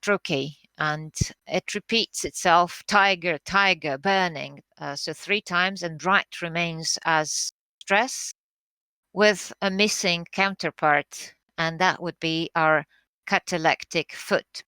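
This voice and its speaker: Woman teacher, slow careful lecture, bright clear voice, dry sound. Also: fairly low pitch, no echo. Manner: careful, explanatory, with frequent fillers and restarts. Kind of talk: recorded lecture on poetry meter.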